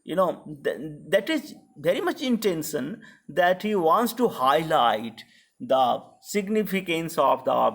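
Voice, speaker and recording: A male literature lecturer with an Indian English accent, speaking slowly in a slightly high, gravelly voice. He explains verse step by step, hesitant and full of fillers and restarts. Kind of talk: academic lecture on poetry.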